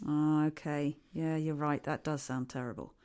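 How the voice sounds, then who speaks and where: A man's voice: a little high, level tone, moderate pace, darkish tone, clean tone, pitched below the performer's own voice, close to an everyday voice. A man voicing his own subconscious as a needling, sarcastic inner voice in a comedy podcast. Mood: teasing. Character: mocking male inner voice, teasing.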